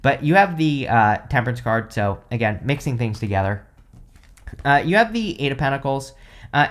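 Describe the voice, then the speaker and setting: A man giving a casual tarot reading to camera, rambling with many fillers and restarts, tired and stifling yawns. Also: mid-range voice. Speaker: tarot reader.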